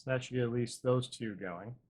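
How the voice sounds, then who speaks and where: A man's voice: mid-range voice, brisk, a little mellow. Man, gaming channel host, casual commentary, self-deprecating, thinks aloud, mid-range voice.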